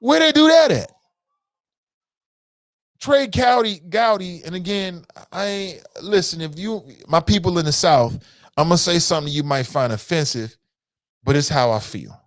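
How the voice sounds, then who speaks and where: A man's voice: high-pitched, normal speed, no room sound. A man hosting a news commentary show, giving blunt, profane opinions in a casual chat style and speaking straight to his viewers. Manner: blunt, profane, animated, talks to viewers as "fam".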